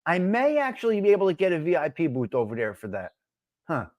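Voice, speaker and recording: A man hosts a casual live stream and keeps laughing as he answers his viewers. His voice sits fairly high, and he reacts to the chat with a lot of energy. The sound is dry and close to the mic. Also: fast talker, dry recording. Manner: laughing, animated, talks back to chat.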